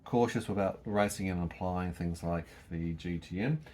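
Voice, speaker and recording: A man with an Australian accent, calmly explaining and reassuring while caring for someone at home. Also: sits low, normal speed, slight background noise. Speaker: carer and vlogger. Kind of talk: casual home vlog commentary. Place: home indoors.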